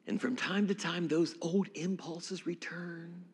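A man preaching a sermon as pastor, emphatic and expressive, dropping at times to a hushed voice. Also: a little high, a little slow, slightly rough, long reverb tail. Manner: expressive, emphatic preaching with dramatic drops to a hush.

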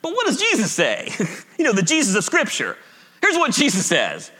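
Brief: male pastor preaching, high bright voice, emphatic, repeats key lines. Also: huge pitch swings, moderate pace. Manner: emphatic, repeats key phrases, chuckles at himself. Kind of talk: sermon.

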